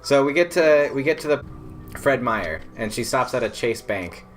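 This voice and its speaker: Speaking at a moderate pace, a young man with an expressive, medium-pitched voice casually shares something that happened to him. He wanders, leans on fillers and keeps laughing as the story unfolds.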